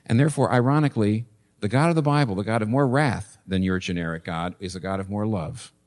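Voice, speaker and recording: A man's voice: lowish voice, quick pace, a little mellow. A man in his sixties preaching a sermon in church, earnest and building to emphatic, repeated points. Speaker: pastor.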